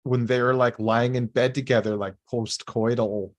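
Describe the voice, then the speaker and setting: A man's voice: mid-range voice, steady tone, measured pace, no echo. Rambling man co-hosting a recap chat. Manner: laughing, rambling with many likes and restarts. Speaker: podcast co-host.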